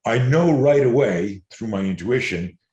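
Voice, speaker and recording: A man who teaches self-defense, telling stories in an interview in an animated, digressive way. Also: medium pitch, unhurried, muffled recording. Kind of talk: storytelling interview answers. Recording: roomy echo.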